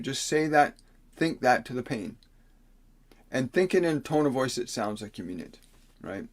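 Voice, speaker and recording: A man of middle pitch hosts a livestream as a spiritual teacher, reading viewers' questions aloud. He answers in a calm, coaxing way, and at times slows into a solemn, preacher-like delivery. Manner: reads viewer questions aloud and gives slow, soothing instructions.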